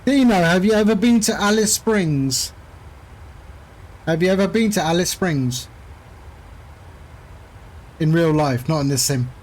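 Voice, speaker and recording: A man's voice: sits high, expressive, a little slow, long pauses, a little mellow. A man streaming a flight simulator, chatting casually and rambling with jokey asides to his viewers. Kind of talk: casual chat while flying a sim.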